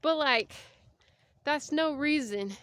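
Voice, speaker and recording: A woman vlogger in her thirties, walking outdoors along a street, rambles chattily from one tangent to the next while slightly short of breath. She speaks slowly in a high, somewhat bright voice, and the recording is dry.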